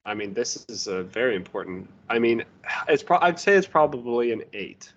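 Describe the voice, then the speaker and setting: A man's voice: medium pitch, big pitch swings, normal speed, dull audio. A man co-hosting a podcast, giving a loose, profane, joking book review. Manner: loose, profane, laughs at his own jokes. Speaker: podcast co-host. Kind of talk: casual book review chat.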